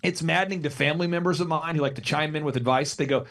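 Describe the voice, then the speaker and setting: A man's voice: fairly high pitch, quick pace. A man in his forties, a business consultant guest on a podcast interview, telling stories energetically and acting out what others said. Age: 40s. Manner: energetic storyteller who acts out quotes.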